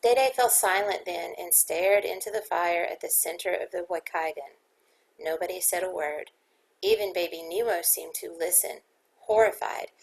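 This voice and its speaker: A woman reading a novel aloud as an audiobook, measured and dramatic. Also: lowish voice, vocal fry, slightly rough, rough recording. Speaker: audiobook reader. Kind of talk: audiobook narration.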